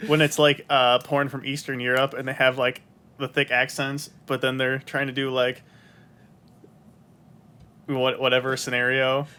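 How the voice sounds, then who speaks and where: A man hosting a casual podcast chat, joking and trading quick banter with friends. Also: medium pitch, monotone, bright, forceful tone, clean tone. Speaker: podcast host.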